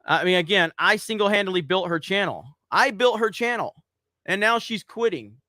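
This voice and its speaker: Male commentary host, high bright voice, dry close sound, sarcastic. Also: lively intonation, moderate pace, no echo. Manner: sarcastic, mock-earnest. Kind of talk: casual commentary.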